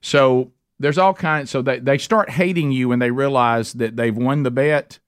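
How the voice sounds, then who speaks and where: A man's voice: medium pitch, moderate pace, clear, resonant tone, no room sound, clean studio sound. Middle-aged man hosting radio banter. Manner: storytelling, rambling with restarts. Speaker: radio show host. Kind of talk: casual comedic talk radio banter.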